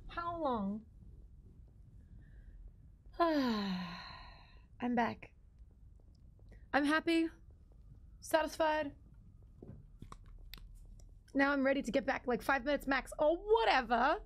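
High-voiced giggly woman streamer. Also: expressive, drawn-out words, long pauses. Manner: chatty, giggly, reads chat names aloud. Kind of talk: casual live-stream chat.

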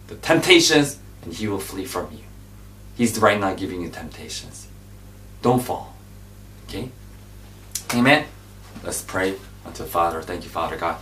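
A man preaching an informal sermon, repeating his points and exhorting his listeners, swinging between loud emphatic bursts and hushed whispers. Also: low voice. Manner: repetitive, exhorting, drops into asides. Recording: echoey room, voice from a distance.

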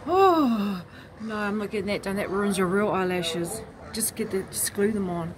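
A woman's voice: mid-range voice, normal speed, crowd noise, low-quality recording. A woman vlogging as she walks a city street at night, chatty and rambling, recorded on a handheld phone. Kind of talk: casual street vlog chat.

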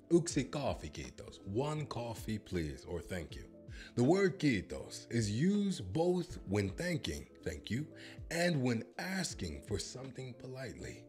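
A man's voice: medium pitch, darkish tone. A man filming a comedic reaction vlog, joking and swearing as he tries a language app. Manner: jokey, swears, bursts into mock announcer voice.

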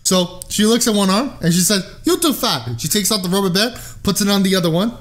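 A man's voice: sits high, fast talker. A man co-hosting a casual podcast, joking and telling stories. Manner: joking, provocative, animated storyteller. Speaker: podcast co-host. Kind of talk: casual podcast chat, storytelling.

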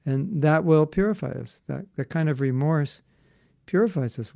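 A man teaching a devotional class in an earnest, conversational way, full of casual fillers, swinging between loud emphasis and soft asides. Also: fairly high pitch, normal speed, creaky, dry recording. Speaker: spiritual teacher.

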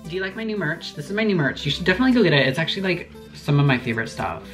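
A woman YouTuber with a deep, sing-song voice gives rapid-fire casual gaming commentary over poor audio, with music playing behind her. She's chatty and rambling, tossing asides to viewers, swearing constantly and startling easily.

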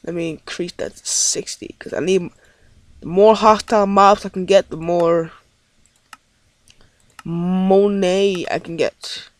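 A man's voice: high-pitched, fairly even intonation, takes it slowly, long pauses. A man giving rambling let's play commentary on his game, easily frustrated and swearing often. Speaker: gaming commentator.

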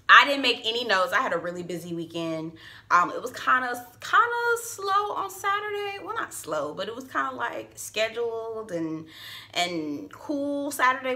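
A woman's voice: medium pitch, pushed and bright. A young woman, recapping a reality TV episode at home in a playful, slangy vlog chat with laughing asides. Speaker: TV review vlogger. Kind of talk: casual chatty TV recap.

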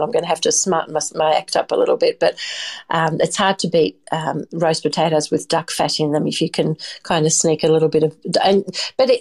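Chatty Australian farmer woman, low voice. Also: darkish tone. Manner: chatty and enthusiastic, rambling anecdotes. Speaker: potato farmer guest. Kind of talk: casual chat.

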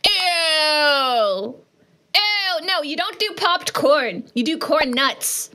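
A woman streaming a game live, chatting with viewers in an animated, jokey way with sudden yelps. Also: high voice, a little slow. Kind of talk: live gaming stream chat. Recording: noisy background.

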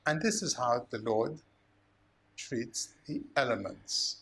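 A man, a priest preaching a sermon, slow and emphatic, asking rhetorical questions. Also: on the high side, animated.

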